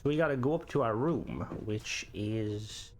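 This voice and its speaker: A man's voice: lowish voice, measured pace, a little hiss or hum. A man giving casual gameplay commentary while reviewing a game mod, thinking aloud and reacting as he plays.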